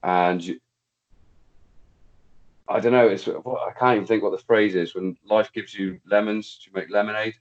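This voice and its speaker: Rambling low-voiced man. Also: fairly even intonation, moderate pace, pauses often, muffled recording. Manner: rambling, searching for words, matey. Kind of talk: casual podcast chat.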